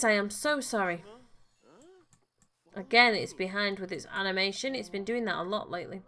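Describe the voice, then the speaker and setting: A woman's voice: mid-range voice, normal speed, long pauses. A woman, casually commenting on a life-sim game and cooing at the characters as she plays. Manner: coos and fusses gently at the game characters. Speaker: gaming channel host. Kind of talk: casual let's-play commentary.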